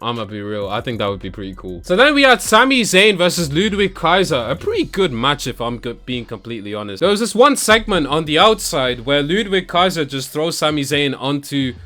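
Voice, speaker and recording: Young man, casual wrestling recap vlog, slangy, excitable, lively swings in pitch, slightly high voice. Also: brisk, few pauses, faint music behind. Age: young adult. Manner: excitable, slangy, laughs often, mimics wrestlers. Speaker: wrestling YouTuber. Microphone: camera that tracks him.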